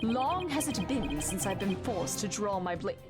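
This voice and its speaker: A woman voicing a brooding, menacing samurai prosecutor in a video game, with a stern, archaic, drawn-out delivery. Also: medium pitch, sing-song. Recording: loud game music underneath.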